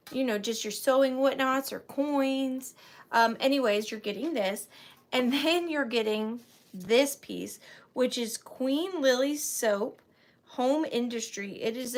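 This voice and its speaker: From her home office, a woman with a high-pitched, somewhat bright voice hosts a live online antiques sale, chatting with viewers by name as she counts down bids.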